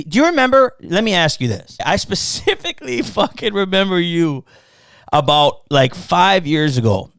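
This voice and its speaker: A man's voice: on the high side, no echo, clean studio sound. A man hosting a podcast, telling a story in casual chat, swearing often and acting out both sides of an argument. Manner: profane, animated storytelling that acts out quoted exchanges. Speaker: podcast host.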